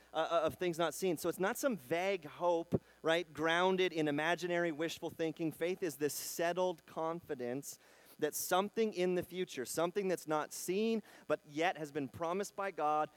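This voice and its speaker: A man preaching a sermon in a conversational style, acting out quotes and swinging between loud bursts and quiet emphasis. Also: a little high, dry recording. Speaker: pastor.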